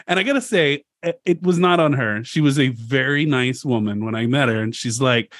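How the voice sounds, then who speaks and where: Podcast co-host, forties, animated storyteller who curses and acts out quotes, dry close sound. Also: male voice, mid-range voice, fairly quick, few pauses, no echo. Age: 40s. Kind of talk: casual chat.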